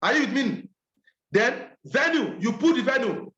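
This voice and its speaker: A man's voice: extremely high pitch, sing-song, measured pace, a bit bright, roomy sound, muffled recording. A man leading an online business training, emphatic and repeating key points.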